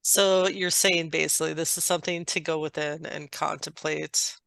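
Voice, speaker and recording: A participant puts questions to the channel in a halting, hesitant way, restarting as they go. The voice is bright and gravelly with fry. The recording is dry and close, with little room sound. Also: medium pitch, steady tone, no room sound. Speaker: group member asking questions.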